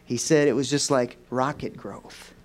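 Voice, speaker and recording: A man preaching a sermon in a rambling, storytelling way, repeating and restarting words and then rising in pitch and volume for emphasis. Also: steady tone, unhurried. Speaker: pastor.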